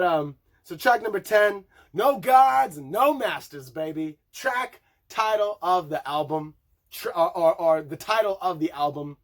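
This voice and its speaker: A man chatting casually through an album review, rambling and profane, often laughing and singing along to lyrics. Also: fairly high pitch. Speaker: music reviewer.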